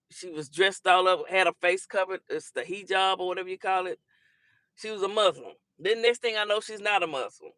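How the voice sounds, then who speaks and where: A woman hosting a casual livestream talk show, chatting and teasing commenters with a laughing, animated manner. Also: fairly high pitch, no echo, studio quality.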